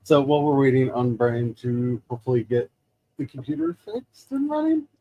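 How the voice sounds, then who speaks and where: Male stream host, mid-pitched, chatty and upbeat, casual mic delivery. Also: huge pitch swings, normal speed, narrow, tinny audio. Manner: chatty, upbeat, laughs easily. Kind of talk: casual chat.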